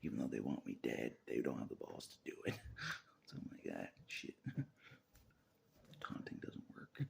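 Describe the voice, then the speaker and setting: A man vlogging alone to his camera in a rambling monologue, swinging between loud outbursts and low muttering, breaking into laughs. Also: huge pitch swings, measured pace, vocal fry, long pauses, slight background noise. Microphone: camera mic.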